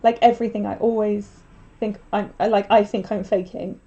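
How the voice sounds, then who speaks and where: Chatty woman, mellow and lo-fi. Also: medium pitch, flat delivery, moderate pace. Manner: rambling, chatty, full of filler words. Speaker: craft livestreamer. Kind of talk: casual livestream chat while crafting.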